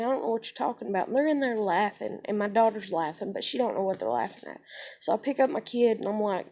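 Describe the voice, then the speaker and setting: A woman's voice: mid-range voice, expressive, fast, a little mellow. Young woman, heated, profane, vlog storytelling. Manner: heated, profane, quotes others. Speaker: vlogger.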